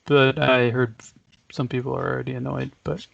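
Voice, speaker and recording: A man's voice: medium pitch, level tone, normal speed, gravelly, fairly bright tone, no echo. A man co-hosting a casual chat show, easygoing and often laughing. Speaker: podcast co-host. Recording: dry, dull lo-fi audio.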